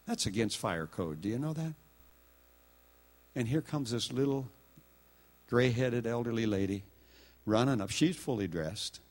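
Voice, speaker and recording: An older man preaching, telling a story with animated acted-out dialogue and laughter. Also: mid-range voice, a little slow, pauses often. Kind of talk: sermon storytelling.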